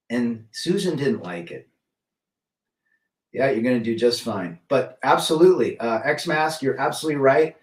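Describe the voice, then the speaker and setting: Blunt man in an echoey room. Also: medium pitch. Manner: blunt, opinionated, greets chatters by name. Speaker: livestream host reading chat. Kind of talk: casual livestream chat. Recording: roomy echo, mic at a distance.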